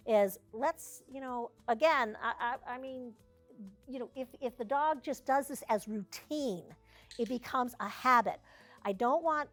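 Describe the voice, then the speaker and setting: A woman service dog trainer leading a hands-on class, chatty and down-to-earth with joking asides. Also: sits high.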